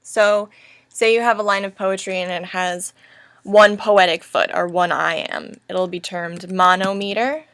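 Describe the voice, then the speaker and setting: A young woman teaching a recorded lesson over slides, speaking slowly and deliberately as she spells out each stress. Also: mid-range voice, steady tone, fairly bright tone, no echo.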